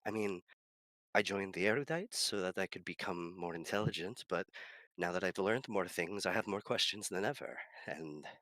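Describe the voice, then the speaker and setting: A man voicing a thoughtful, inquisitive male scholar adventurer, with a wry, lightly sardonic manner and a smooth put-on accent. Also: deep voice, normal speed, pushed and bright, no room sound. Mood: musing.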